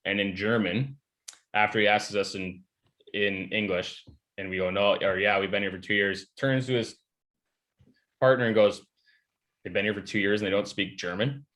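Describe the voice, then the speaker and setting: A young man with a lowish voice chatting as a podcast guest. He is laid-back and rambles, trailing off and restarting as he tells stories. Stories come out loose and unhurried. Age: young adult. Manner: relaxed, rambling, many fillers and trailing restarts. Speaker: podcast guest, pro hockey player. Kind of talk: casual chat.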